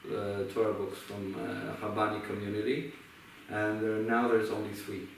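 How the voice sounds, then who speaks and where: A man's voice: lowish voice, flat delivery, normal speed, vocal fry. A young man with an Israeli accent, a musician retelling family stories in a hesitant way full of fillers. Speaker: musician sharing his story. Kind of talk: casual conversation. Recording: echoey room, from far off, faint noise.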